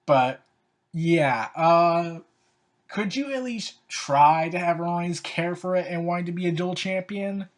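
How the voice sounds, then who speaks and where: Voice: medium pitch, measured pace. A wrestling commentator giving casual opinion commentary, sarcastic and exasperated, with lots of "so, yeah" and "like" fillers.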